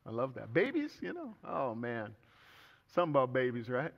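A man's voice: medium pitch, huge pitch swings, moderate pace, gravelly. Man pastor giving a sermon, funny stories then serious, dull echoey hall recording. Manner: humorous storytelling with earnest turns.

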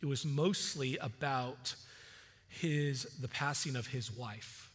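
A man preaching a sermon as a pastor, conversational and animated, often repeating words as he starts a phrase. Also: medium pitch, takes it slowly, husky, long reverb tail.

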